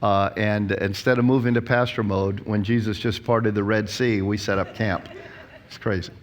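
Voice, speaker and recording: A man's voice: fairly low pitch, normal speed. A man in his sixties, a pastor giving a conference talk, who tells stories and acts out the quotes. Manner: storytelling, animated, acts out quotes.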